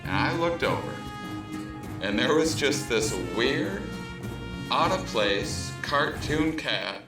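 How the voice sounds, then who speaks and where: A man telling a comic anecdote in an animated way, with background music. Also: medium pitch, takes it slowly. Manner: animated, mimics voices in quotes. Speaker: storyteller. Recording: echoey, distant, music under.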